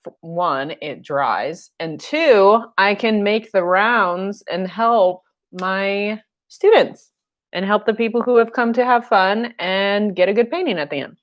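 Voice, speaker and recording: A woman's voice: mid-range voice, takes it slowly, highs cut off. A young woman teaching a painting class on a live stream, chatty and jokey, often laughing at her own asides. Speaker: paint night instructor.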